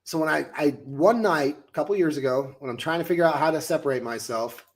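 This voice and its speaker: Late-thirties American man, coach and host, animated storyteller. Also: fairly high pitch, quick pace. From United States. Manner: animated, acts out his own past lines. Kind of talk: casual storytelling chat.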